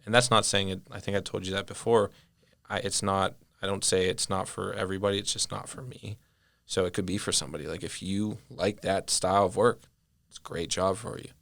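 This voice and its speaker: A young man talking as a podcast guest in a casual, animated way, often filling with "like". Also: sits low, fairly quick, vocal fry, no echo. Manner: animated storyteller, heavy use of "like". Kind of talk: casual conversation.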